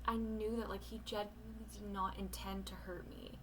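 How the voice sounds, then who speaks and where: A woman's voice: on the high side, fairly even intonation, normal speed, few pauses, very noisy. A young woman in casual talk to camera, rambling and candid, swearing casually, talking at home at night.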